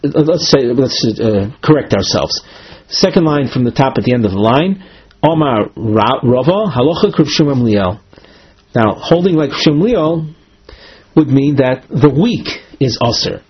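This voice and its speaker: A man teaching a Talmud class, the text and explaining it step by step in a measured way, an of the text. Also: mid-range voice, expressive, slightly rough. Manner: reads and explains, slow and measured, with self-corrections. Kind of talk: Talmud class, reading and translating line by line. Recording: muffled lo-fi class recording.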